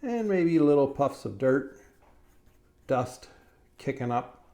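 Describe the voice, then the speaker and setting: A man's voice: medium pitch, sing-song, slow pace, dark tone. A middle-aged man, a cartoonist, leads a step-by-step drawing lesson for children in a friendly, encouraging way, often checking in with "right?".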